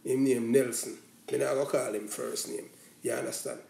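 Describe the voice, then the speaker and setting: A man's voice: mid-range voice, flat delivery, normal speed, vocal fry, a little mellow. Jamaican man rambling in patois, echoey room. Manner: rambling, mixes patois with standard English. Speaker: commentator. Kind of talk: casual opinion monologue.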